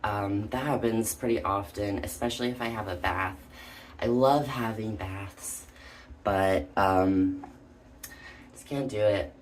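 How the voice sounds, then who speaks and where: Slow, breathless, low-voiced vlogger. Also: steady tone, a little hiss or hum. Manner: hesitant, full of "um" and "like". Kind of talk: casual personal vlog.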